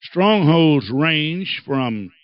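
A man preaching a sermon, dramatic and acting out quoted voices with big swings in pitch. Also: expressive, very slow, no room sound, lo-fi sound. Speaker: pastor.

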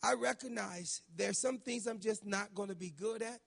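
A middle-aged man preaching a sermon, telling personal stories in an animated way that climbs into shouts. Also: high voice, moderate pace, creaky. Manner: animated storytelling, rising to shouts when quoting. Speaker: pastor.

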